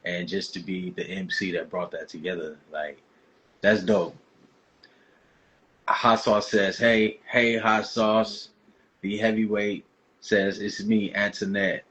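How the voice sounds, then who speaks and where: A man's voice: low-pitched, flat delivery, unhurried, long pauses, a bit bright, breathy edge, rough recording. A man hosting a podcast interview, talking in a laid-back, slangy way. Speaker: podcast host. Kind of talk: casual interview chat.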